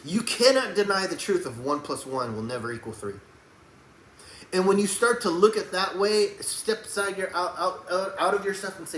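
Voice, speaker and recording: Fiery preacher man in an echoey room. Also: sits high. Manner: fiery, swings between shouting and soft, hushed tones. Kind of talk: sermon. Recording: echoey room with faint background noise.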